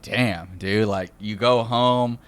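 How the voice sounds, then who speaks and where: A man's voice: lowish voice, steady tone, slow, clear, resonant tone. A man on a podcast, talking in a laid-back, profane casual chat.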